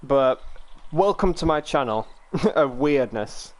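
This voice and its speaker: A man's voice: medium pitch, expressive, slow, a little mellow. A young man from the United Kingdom, chatting casually and rambling to his viewers while streaming a game. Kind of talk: casual live-stream chat.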